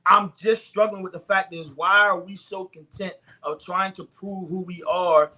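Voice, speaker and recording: High voiced preacher guy, fervent and repetitive, bright tone. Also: steady tone, normal speed. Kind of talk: sermon-style talk to the camera.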